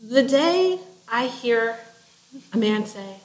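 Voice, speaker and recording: A woman's voice: mid-range voice, unhurried, a bit bright, rough recording. A woman co-hosting a casual book discussion, chatty and blunt, with lots of "like". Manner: chatty, full of "like", blunt opinions. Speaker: podcast co-host discussing a book. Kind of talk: casual chat.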